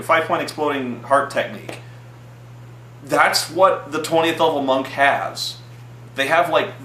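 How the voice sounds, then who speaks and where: A man recounts an old tabletop game in an animated, profane way, jumping up in pitch whenever he acts out a line. His voice is bright and forceful. He sits in an echoey room with a faint hum behind him. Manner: profane, excitable, acts out quotes in a raised voice. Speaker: host telling a tabletop game story. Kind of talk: animated storytelling.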